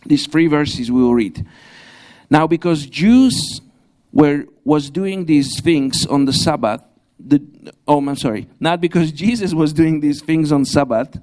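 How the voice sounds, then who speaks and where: A young man preaching a sermon in a church, pausing and restarting often, with grammar and the odd light laugh. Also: fairly high pitch, darkish tone. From Slovakia. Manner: halting, frequent restarts, non-native grammar, light laughs. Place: church hall.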